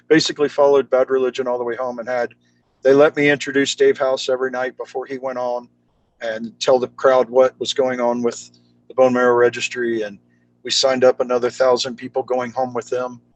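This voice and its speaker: A man at mid pitch telling stories in a loose, casual chat. He talks with lively energy and easy slang, and he jumps into the voices of the people in his stories. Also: a little fast, rough recording. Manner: animated, slangy, acts out quoted people. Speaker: guest, charity founder.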